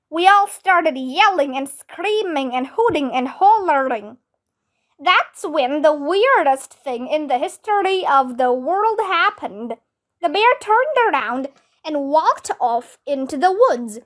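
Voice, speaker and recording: A woman reading a children's book aloud in an expressive, animated way. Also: sits high, takes it slowly. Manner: lively, expressive, voices characters with squeals.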